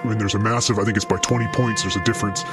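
A man, a paramedic, telling a story in an energetic, profane way and speaking straight to the listener. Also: fairly low pitch, very fast, music in the background. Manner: energetic, swears freely, addresses the listener directly.

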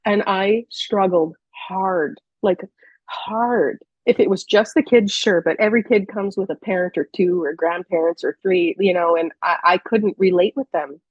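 A woman's voice: lowish voice, fairly quick, few pauses, breathy edge, no room sound, dull audio. A woman in her thirties, speaking as a podcast guest and telling personal stories in a candid, chatty way with hesitant restarts. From Canada. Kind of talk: casual personal storytelling.

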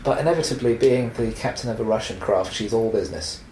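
A man recaps a film plot in a relaxed podcast chat, now and then teasing and correcting his co-host. His voice carries an echoey room sound. A faint low rumble sits behind it. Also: fast talker. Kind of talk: casual film discussion.

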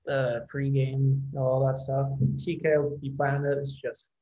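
A laid-back man talking as a rugby player guest, relaxed and easygoing, with laughs slipping in. His voice stays fairly level in pitch, and the audio sounds a bit dull and lo-fi. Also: normal speed. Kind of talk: casual interview chat.

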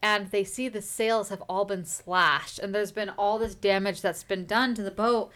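A woman's voice: medium pitch, steady tone, moderate pace, a bit bright. A woman hosting a book podcast, casually recapping a chapter in a chatty, filler-heavy way. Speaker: book discussion podcast host.

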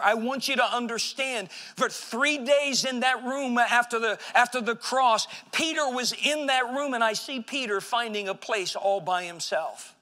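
High, bright-voiced preaching pastor. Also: male voice. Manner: impassioned preaching, swinging between loud and hushed. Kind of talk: sermon. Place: church sanctuary.

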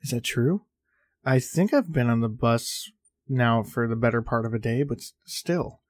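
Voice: medium pitch, normal speed, dry recording, studio quality, close to an everyday voice. A man reading the lines of a frightened young sibling lost on a strange bus, who stammers through confused questions.

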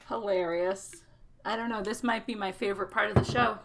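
A woman's voice: mid-range voice, fairly even intonation, moderate pace, creaky, background noise. A woman with a Connecticut accent in casual podcast chat, giggling often and hunting for words.

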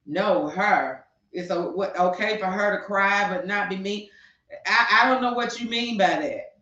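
A woman's voice: mid-range voice, measured pace, pushed and bright. A woman co-hosting a talk show, passionately ranting and firing rhetorical questions, speaking. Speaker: podcast co-host. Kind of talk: heated opinion talk. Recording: distant, echoey, dull lo-fi sound.

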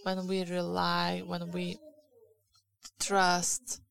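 A woman's voice: lowish voice, monotone, very slow, gravelly, a bit bright, rough recording. A woman with a Lithuanian accent preaching a sermon in English, her second language, in a candid, confessional way with frequent halts and restarts.

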